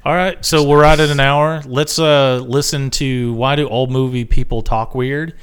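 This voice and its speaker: A man's voice: medium pitch, fairly even intonation, normal speed, slight background noise. A man hosting a podcast in casual chat, dry and steering the talk along. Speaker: podcast host.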